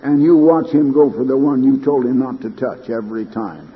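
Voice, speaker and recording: A man's voice: mid-range voice, moderate pace, in a large hall, phone-quality sound. An older man preaching an emphatic broadcast sermon, his delivery rising to fervent peaks.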